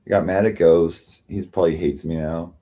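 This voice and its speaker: A man with a very low voice rambles through a casual livestream chat, tired and swearing freely. He halts, repeats himself and restarts often as he talks. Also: steady tone, mellow. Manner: rambling, halting, many restarts and profanity. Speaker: livestream host.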